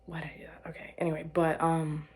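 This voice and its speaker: A woman's voice: low voice, completely flat delivery, quick pace, darkish tone. A young woman telling a rambling personal story in casual chat, correcting herself and laughing as she goes. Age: young adult. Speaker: vlogger.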